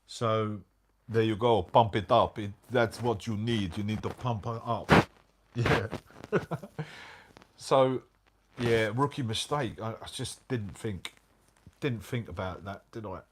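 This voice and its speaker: A middle-aged man telling a motorbike travel story in casual chat, animated and full of slang. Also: on the low side, slow pace, long pauses, slight background noise. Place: hotel room, indoors.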